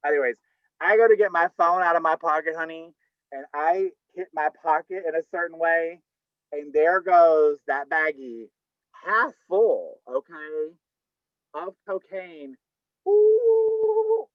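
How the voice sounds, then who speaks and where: A campy, chatty older man spins a story and keeps tossing in "honey." His voice sits a little high. The video call audio is dull and dry, with no room sound. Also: dry recording. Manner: campy, chatty, says "honey, okay?" often. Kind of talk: live storytelling.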